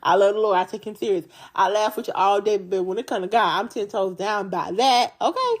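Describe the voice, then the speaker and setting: A woman's voice: medium pitch, a little fast. A woman hosting a Bible study podcast, preaching in a casual, chatty way with slangy speech and a joking manner. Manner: animated, jokey and chatty, often laughing.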